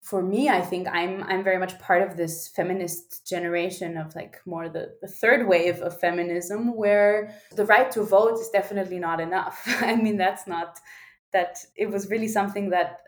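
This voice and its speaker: Young woman guest, lively and laughing, roomy echo on the voice. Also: on the low side, moderate pace. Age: young adult. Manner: animated, frequent laughs and restarts. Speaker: guest, singer and activist. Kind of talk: podcast interview.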